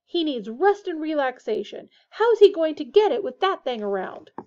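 A woman's voice: high-pitched, big pitch swings, moderate pace, darkish tone, pitched above the performer's own voice. A woman voicing a defensive, sarcastic teenage boy. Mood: grumbling. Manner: grumbling, sarcastic. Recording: dull lo-fi recording.

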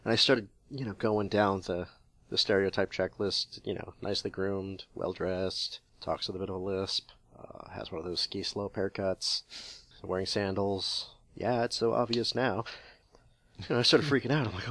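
A man's voice: lowish voice, moderate pace, a bit bright, no echo. A man from New England co-hosting a podcast, talking in opinionated casual chat and telling stories with acted inner voices. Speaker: podcast co-host.

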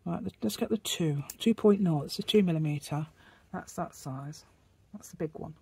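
Chatty, husky woman crafting. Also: sits low, normal speed, a little mellow. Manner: chatty and rambling, narrates while drawing, asides to her dog. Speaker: craft vlogger. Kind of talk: casual craft demonstration.

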